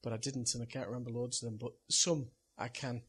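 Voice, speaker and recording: Chatty pastor, husky voice. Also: male voice, medium pitch, level tone, a little fast, a bit bright. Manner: chatty storyteller, laughs at own story. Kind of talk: sermon with personal anecdote.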